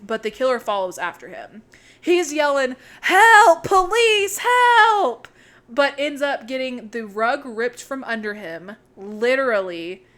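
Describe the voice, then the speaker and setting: A young woman co-hosting a podcast, excitedly retelling a movie's plot in casual chat and swearing freely. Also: a little high. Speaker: podcast co-host.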